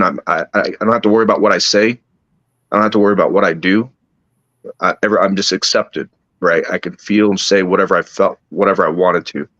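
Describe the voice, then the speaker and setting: A man telling a personal story at a slow, halting pace, with many restarts. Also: low-pitched, a bit bright, no room sound, dull audio. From United States. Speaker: podcast guest. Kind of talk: casual storytelling.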